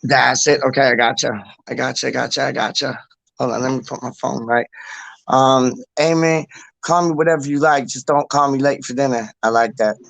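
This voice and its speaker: His voice is mid-range, steady and gravelly with a fairly bright tone, delivered briskly with no echo. This man hosts a casual livestream where he reads comments out loud, rambling, repeating himself and occasionally swearing.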